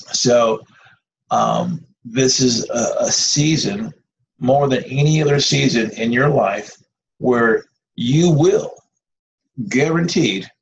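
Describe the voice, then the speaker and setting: A man's voice: medium pitch, creaky. A man preaching an informal sermon in a conversational, rambling way, with restarts and asides. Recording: dull lo-fi recording with faint noise.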